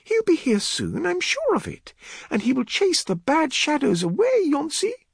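A man narrating a storybook voices a caring young woman who soothes a frightened child gently but firmly. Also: high-pitched, huge pitch swings, a little slow, creaky, dry recording, clean studio sound, pitched above the performer's own voice, full character voice. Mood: soothing.

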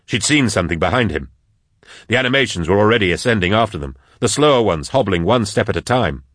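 A man with a low voice narrating an action audiobook steadily and dramatically. The recording is dry and close, made in a studio booth. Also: animated, quick pace, fairly bright tone, no room sound.

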